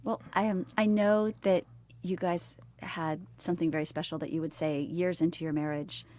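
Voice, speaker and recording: A woman in her forties interviewing friends, gently prompting them with questions. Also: on the low side, steady tone, moderate pace. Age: 40s.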